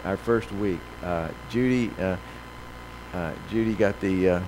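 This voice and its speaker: A man preaching a sermon, reading scripture slowly and with emphasis, then telling folksy stories with many fillers. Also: sits low, background noise. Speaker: pastor.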